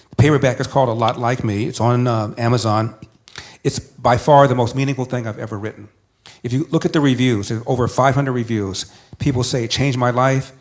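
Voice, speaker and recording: Sounding like a guest on a talk show, an older man shares something from his own life, hammering home each point by repeating it emphatically. He speaks at an even, mid pitch.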